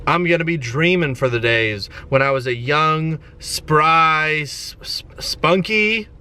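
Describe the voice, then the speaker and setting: A man's voice: a little high, takes it slowly, sharp tone, clean tone. A man in his twenties, a comedian vlogging in a self-mocking way with sudden melodramatic wails. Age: 20s. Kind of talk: comedic vlog monologue. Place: inside a van.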